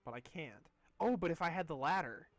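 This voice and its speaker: A man's voice: on the high side, animated, brisk, fairly bright tone. A young man streaming a game, chatting casually in a rambling, amused way full of fillers. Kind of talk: casual gameplay chat.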